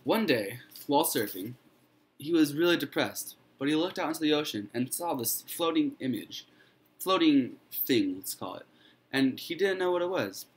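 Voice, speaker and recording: A man's voice: fairly high pitch, expressive, normal speed. A man telling a fairy tale he made up, in a loose, informal way with fillers and restarts. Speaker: student storyteller.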